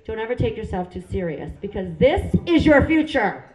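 A brassy middle-aged woman from Hawaii doing stand-up, self-mocking and chatty, with a high voice. Her stage mic rings through a roomy club. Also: very animated, a little fast, lo-fi sound, music in the background. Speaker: stand-up comedian. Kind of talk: stand-up comedy.

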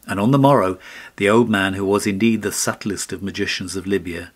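Male fairy-tale narrator, low-pitched, measured and solemn delivery. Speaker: audiobook narrator.

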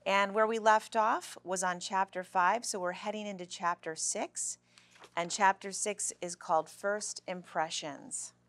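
A woman reading a children's chapter book aloud at a clear, steady pace. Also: lowish voice, dry recording. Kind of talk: storybook read-aloud.

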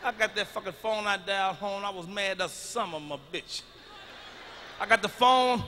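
A middle-aged man doing stand-up, telling profane stories loudly and swinging into shouts. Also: high-pitched, normal speed, slight background noise. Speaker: stand-up comedian. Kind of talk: stand-up routine. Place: large arena stage. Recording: live concert recording with long hall reverb.

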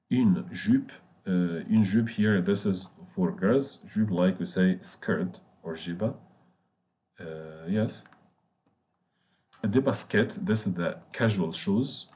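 Low, mellow-voiced man teaching French. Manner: explains French words in English, repeats key phrases, hesitant fillers. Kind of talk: bilingual language lesson.

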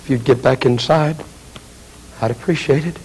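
A man's voice: mid-range voice, moderate pace, a little mellow, slight background noise. A man evangelist preaching a dramatic revival sermon in an urgent, pleading way.

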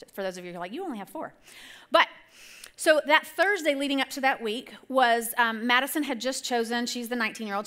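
A woman in her forties telling an animated, rambling personal story in a sermon, often correcting herself. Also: on the high side. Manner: animated, rambling, self-correcting, acts out quotes. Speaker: church speaker.

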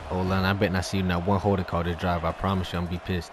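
A man giving live commentary over his own gameplay as a YouTuber, ranting in exasperation and swinging between muttering and shouting. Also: deep voice, flat delivery, racing, over music. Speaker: gaming YouTuber.

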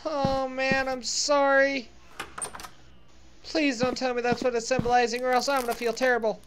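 Woman, high voice, horror game commentary, reactive, faint noise behind. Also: level tone, normal speed. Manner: reactive, sympathetic, swearing in fright. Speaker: let's play gamer.

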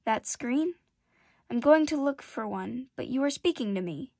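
A woman's voice: high-pitched, animated, unhurried, gravelly, darkish tone, no room sound, clean studio sound, exaggerated voice. A woman voicing a vain, delicate female flower who talks sweetly and fussily. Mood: fussy. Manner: sweet, coy and affected.

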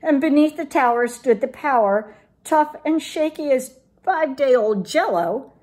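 A woman reading a children's picture book aloud in an animated, playful way. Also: high voice, a little slow. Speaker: children's storytime reader.

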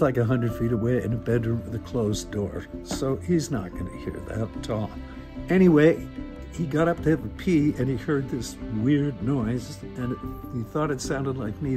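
A middle-aged man spins a personal story in a relaxed, conversational way, poking fun at himself. His voice sits at an ordinary middle pitch, with faint music playing underneath. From Northern Ontario. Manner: wry, self-deprecating, conversational. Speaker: radio host telling a personal story. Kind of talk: casual storytelling. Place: recorded on a phone. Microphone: phone.

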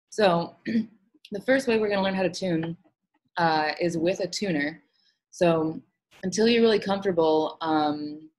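A woman music teacher giving an online lesson, explaining calmly with frequent "um" fillers. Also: low voice, rough recording. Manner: relaxed explaining with many fillers.

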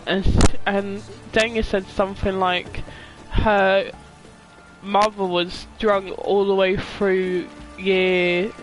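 Young game streamer, unhurried, rambling and quick to laugh, faint game music and hooves behind. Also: mid-range voice, little pitch movement, rough recording. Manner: rambling storyteller, laughs often, yells at the game. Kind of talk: live gameplay chat.

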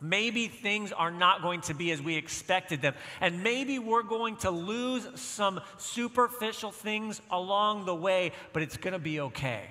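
A man's voice: high-pitched, measured pace, hardly any pauses, sharp tone, long reverb tail. A man pastor preaching a sermon, telling a personal story and driving points home with emphatic repetition. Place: church.

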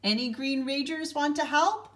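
A woman reading a storybook aloud, voicing a kind woman teacher who speaks in a warm, encouraging way. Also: high-pitched, moderate pace, pitched above the performer's own voice. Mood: upbeat.

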